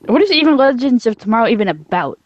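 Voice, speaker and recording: A man with a very high voice making sarcastic quips in a podcast chat. His mic sounds dull and dry, and the sound is lo-fi. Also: big pitch swings, fast, no echo.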